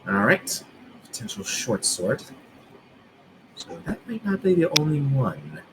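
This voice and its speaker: A man's voice: medium pitch, wildly swooping pitch, unhurried, noisy background. A man playing a tabletop game who talks casually with the group. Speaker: player.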